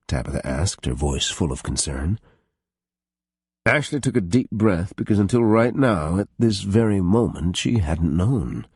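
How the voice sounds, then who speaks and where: Man, audiobook narrator, low husky voice, lively intonation, dry close sound. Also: moderate pace, no echo. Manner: expressive, voices each character. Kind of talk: scripted narration.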